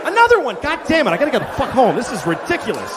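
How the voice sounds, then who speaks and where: A comedian playing an outraged man at a cash machine who yells in a shrill, high voice over a live audience. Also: wildly swooping pitch, rapid-fire, a crowd in the background, heavily acted. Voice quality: shrill and yelling. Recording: live audience and room noise.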